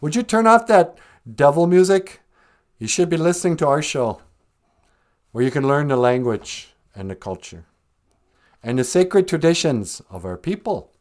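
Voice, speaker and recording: A man's voice: on the high side, sing-song, normal speed, long pauses, darkish tone, pitched above the performer's own voice. A man putting on a preachy male listener who lectures the host about what he should be listening to. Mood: lecturing.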